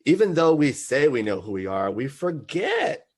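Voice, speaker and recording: A man hosting a casual podcast chat, an animated storyteller who slips into playful impressions. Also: medium pitch, normal speed. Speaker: podcast host.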